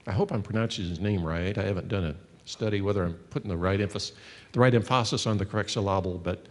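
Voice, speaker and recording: A man's voice: lowish voice, fast, long reverb tail. A man teaching a sermon as a pastor, earnest and conversational, reading passages of scripture aloud.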